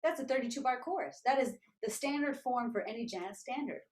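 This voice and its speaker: A woman tap dancer telling stories as an interview guest, lively and animated, often scatting rhythm syllables aloud to show her ideas. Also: a little high, fairly quick.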